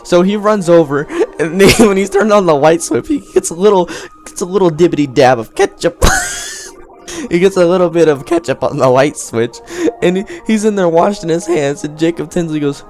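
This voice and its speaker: A man's voice: a little high, fairly quick, a little mellow, soft background music. A young man telling a crude, rambling comedic story and laughing as he goes.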